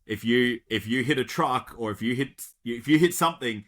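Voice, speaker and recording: A man's voice: mid-range voice, normal speed. Aussie guy rambling away on a podcast call, lots of stories, really chatty. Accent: Australian. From Australia. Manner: talkative, animated storyteller. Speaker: podcast guest. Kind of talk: casual chat.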